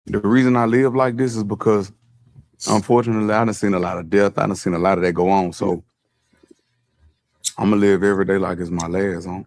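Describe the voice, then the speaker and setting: A man's voice: on the low side, little pitch movement, a little fast, pauses often, darkish tone. A man speaking as a guest in a casual interview, laid-back, blunt and frank.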